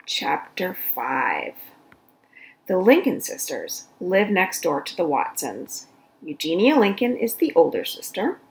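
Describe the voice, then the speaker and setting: A woman reading a children's story aloud in an expressive storytelling voice. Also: fairly low pitch, slow pace, low-quality recording. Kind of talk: read-aloud storytelling for kids.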